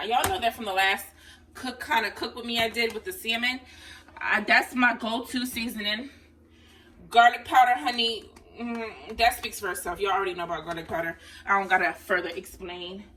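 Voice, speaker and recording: In her home kitchen, a woman cooks dinner while chatting to her viewers and calling them honey in a casual cooking vlog. Her mid-range voice is bright and forceful, though she's far from the mic, so she sounds a bit off-mic over faint room noise.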